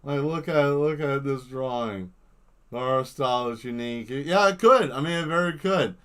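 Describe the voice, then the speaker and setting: A man chatting casually on an art livestream while he draws, spinning rambling, animated stories. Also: medium pitch, moderate pace, clear, resonant tone. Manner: rambling, animated storytelling that jumps into silly voices. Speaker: livestream artist. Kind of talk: casual live-stream chat while drawing.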